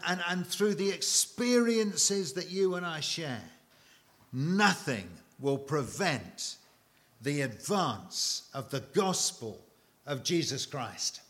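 A man preaching a sermon to a congregation, emphatic and dramatic, with long pauses and repeated phrases. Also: high voice, pushed and bright.

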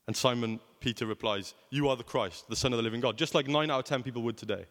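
A man's voice: mid-range voice, fast talker, hardly any pauses, fairly bright tone, big-room sound. A young man preaching a sermon in a conversational way, often asking rhetorical questions.

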